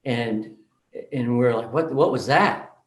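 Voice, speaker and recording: Brief: male speaker, lively storyteller, voices the dialogue, mid-pitched, roomy hall sound. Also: slow. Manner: animated, acts out dialogue in the story. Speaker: conference speaker. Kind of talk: storytelling talk. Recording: roomy echo.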